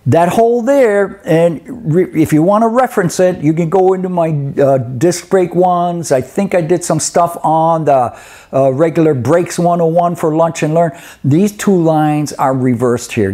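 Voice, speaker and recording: A man's voice: a little high, dark tone. A middle-aged man giving a live webinar lecture on truck inspections, folksy and conversational, often checking in with "okay?" and "eh?". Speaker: instructor.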